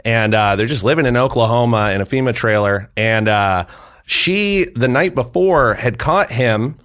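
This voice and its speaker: A man in his thirties spins a long personal story for a podcast. His talk is loose and rambling, packed with "like" and "uh", and he breaks into quick laughs at himself. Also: medium pitch, lively intonation, a bit bright. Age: 30s. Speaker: podcast guest. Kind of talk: casual storytelling.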